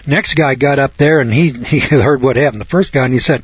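A husky-voiced man talks through scripture in a rambling, folksy way, breaking off into chuckling asides and jokes about himself. The recording is dry and a bit dull. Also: mid-range voice, fairly quick, few pauses, no room sound. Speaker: Bible teacher.

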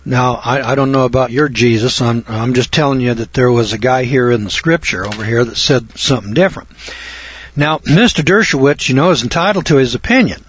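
A man preaching a sermon-style monologue, growing emphatic and louder when stressing his points. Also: medium pitch, brisk, breathy edge, dull audio.

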